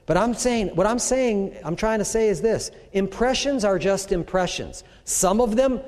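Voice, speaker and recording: A man's voice: high-pitched, normal speed. Conversational preacher man in a reverberant hall. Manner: lively, conversational preaching with rhetorical questions. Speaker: pastor. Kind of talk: sermon teaching. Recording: long reverb of a large hall.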